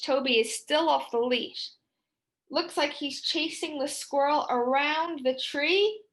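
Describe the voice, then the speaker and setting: A young woman teaches a writing lesson to children. Her voice sits high, and she takes her time over each word. She reads her story aloud in an expressive, sing-song manner.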